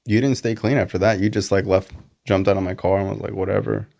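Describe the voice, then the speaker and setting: A man's voice: lowish voice, fairly even intonation, quick pace, creaky, a little mellow. A man hosting a podcast, prompting his guest with short affirmations and questions. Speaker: podcast host. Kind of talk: casual interview chat.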